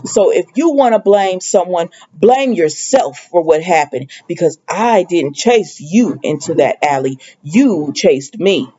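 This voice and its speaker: A woman's voice: fairly low pitch, expressive, a little slow, few pauses, dark tone, husky, dull audio. A woman quoting a scheming middle-aged woman who pleads her case defensively.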